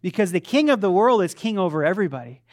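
Fast and full of big pitch swings, a pastor's high voice drives his sermon. He talks conversationally, is self-deprecating, repeatedly restarts his sentences, and quizzes the congregation.

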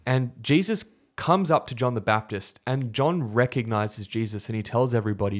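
A man co-hosts a faith podcast and talks through a scripture story in a loose, conversational way. He pauses on fillers, restarts his sentences and lets the story unfold casually into his microphone. His voice sits at an ordinary middle pitch. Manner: relaxed and storytelling, with fillers and self-corrections. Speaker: podcast co-host.

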